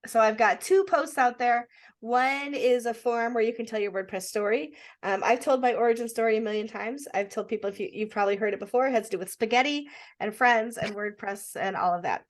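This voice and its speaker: A woman's voice: on the high side, brisk. A woman co-hosting a podcast in casual chat, talking in a chatty, sing-song, self-deprecating way. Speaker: podcast co-host.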